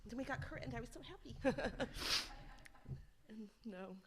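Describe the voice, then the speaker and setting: A woman delivers a eulogy at a funeral home, telling stories about her nephew with raw emotion. Her voice sits a little high and keeps sinking into whispers. Clear background noise runs under the recording. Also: lively intonation, a little slow. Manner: emotional, storytelling, dropping to whispers. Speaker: aunt giving a eulogy.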